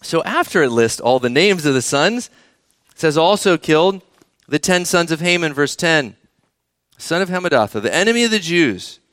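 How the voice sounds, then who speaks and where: A man's voice: fairly high pitch, sing-song, normal speed, a bit bright, no echo, clean studio sound. Man preaching, engaging the children. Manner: engaging, asks the children questions. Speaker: pastor. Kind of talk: sermon with scripture reading.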